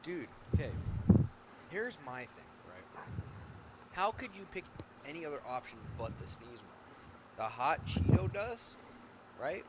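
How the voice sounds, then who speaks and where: Animated young man on a lo-fi mic. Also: a little high, a little slow, pauses often. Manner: animated, loud swings between shouting and mumbling. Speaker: podcast co-host. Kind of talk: casual chat. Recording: dull lo-fi mic with loud noise.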